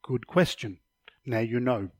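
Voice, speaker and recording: A man's voice: mid-range voice, measured pace, no room sound, studio quality. A man teaching a Bible study lesson, explaining passages step by step and referring to slides, sometimes stumbling over a word.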